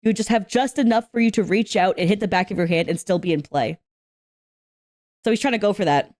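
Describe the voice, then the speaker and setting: A young woman hosting an anime reaction, talking casually, swearing freely and shouting at the screen in excitement. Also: mid-range voice, fairly quick.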